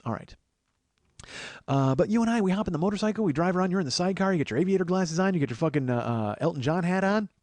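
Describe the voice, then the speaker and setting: A man hosting a comedy podcast, talking in a rush and riffing with rising excitement and a lot of swearing. His voice sits a little high. The sound is dry and close. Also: fast, dry recording. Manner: riffing, excitable, profane, builds to loud enthusiasm. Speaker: podcast host. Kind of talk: casual comedic banter.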